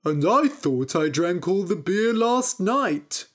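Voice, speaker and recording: A woman's voice: on the low side, big pitch swings, slow pace, heavily acted. A woman reading a storybook aloud, voicing a gullible, friendly farmer with a hearty, trusting manner.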